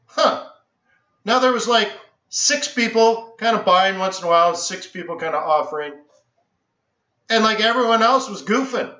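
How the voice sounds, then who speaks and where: A man hosting a live trading stream, telling an animated story and acting out the voices of the people in it. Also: high-pitched, moderate pace, echoey room, dull audio. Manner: excitable, acts out other people's voices, lots of restarts. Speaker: trading educator and host.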